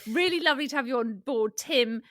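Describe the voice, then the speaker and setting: Woman, high bright voice, cheeky joker, podcast co-host. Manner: cheeky, quick jokes. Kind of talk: casual chat.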